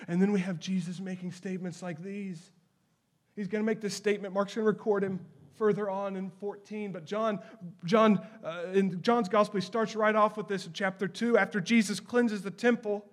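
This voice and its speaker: A man preaching a sermon as pastor, moving between loud, urgent questions and hushed, slow emphasis. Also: high-pitched, fairly even intonation.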